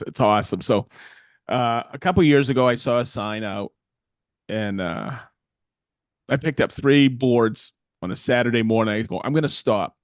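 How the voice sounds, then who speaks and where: A man's voice: mid-range voice, dry recording, studio quality. Rambling man telling shop stories. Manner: rambling, animated, quotes people in voices. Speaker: podcast co-host and woodworker. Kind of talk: casual storytelling chat.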